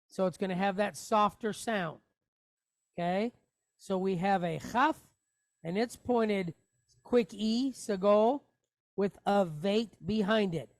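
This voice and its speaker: Slow, patient male Hebrew teacher. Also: sits high, no echo. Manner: patient, explains step by step with asides. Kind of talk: online Hebrew lesson.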